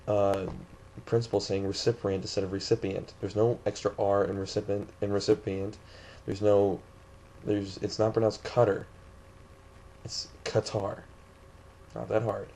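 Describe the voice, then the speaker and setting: A man's voice: fairly low pitch, level tone, moderate pace, dark tone, slight background noise. A young man from the St. Louis area, ranting indignantly in a vlog, rambling with many restarts. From St. Louis area, USA. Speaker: vlogger.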